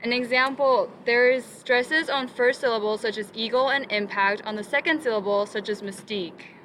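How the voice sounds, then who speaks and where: A woman's voice: a little high, slight background noise, low-quality recording. A young woman presenting a poetry lesson, reading from prepared notes with the odd "um". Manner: steady reading with occasional um fillers.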